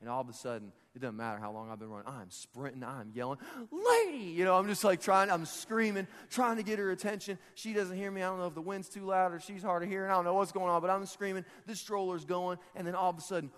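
A man preaches a relaxed, humorous sermon and talks to the congregation as if chatting with friends. His voice sits a little high, and laughter often breaks into his sentences. A long reverb from the large church hall trails behind each phrase. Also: fast talker, hardly any pauses, clear, resonant tone. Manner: jokey and conversational, often laughing mid-sentence. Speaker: pastor. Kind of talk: casual, humorous sermon with a personal story.

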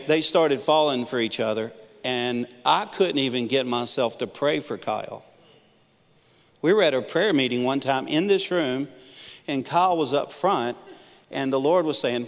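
A man's voice: medium pitch, gravelly. A middle-aged man preaching a sermon as pastor, telling stories with humor and acting out quoted lines. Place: church auditorium. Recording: long reverb of a church hall.

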